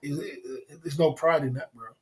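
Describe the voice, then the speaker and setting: A man's voice: a little high, moderate pace, darkish tone. A man hosting a livestream, lecturing his chat in a repetitive, emphatic way and chuckling between points. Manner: repetitive, emphatic, chuckling between points, keeps asking "you know what I mean". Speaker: livestream host. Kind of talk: casual livestream rant.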